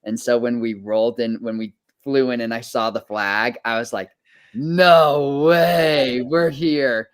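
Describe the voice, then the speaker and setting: A man talking as a guest in a casual interview chat, easygoing and relaxed as he tells stories. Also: medium pitch, normal speed, hardly any pauses, clear, resonant tone. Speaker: guest, reality show contestant.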